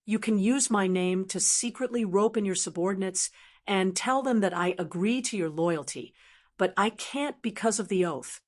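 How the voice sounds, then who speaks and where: A woman voicing a proud, cool young dragon queen in an audiobook, talking flat and matter-of-fact. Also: mid-range voice, normal speed, lightly acted. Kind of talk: audiobook narration.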